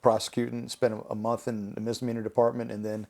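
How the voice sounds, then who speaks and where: Podcast guest, man in his thirties, mid-pitched voice, animated anecdotes that often break into laughter. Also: fast talker, creaky. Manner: animated, laughing through anecdotes, acting out quotes. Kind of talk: conversational storytelling.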